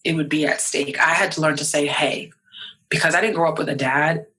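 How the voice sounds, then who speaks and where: A woman's voice: low-pitched, fairly even intonation, brisk, bright, forceful tone, breathy edge, poor audio. A young woman from New York, a guest in a casual interview, talking animatedly and acting out quoted voices. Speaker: podcast guest.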